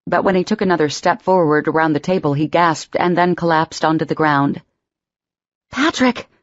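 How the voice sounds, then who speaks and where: A woman narrating an audiobook in a steady, expressive storytelling voice. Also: deep voice, a little fast, no room sound, muffled recording. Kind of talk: scripted narration.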